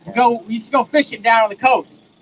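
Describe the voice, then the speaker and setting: A man's voice: extremely high pitch, quick pace, fairly bright tone, a little hiss or hum, low-quality recording. A man from Texas with a Texan accent, giving a folksy, joking storytelling speech on stage at a rally. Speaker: rally speaker.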